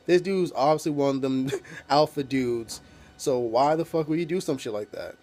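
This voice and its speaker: A man's voice: medium pitch, moderate pace, a little mellow. A man casually recapping a TV episode as a reviewer, rambling with many fillers and swearing freely.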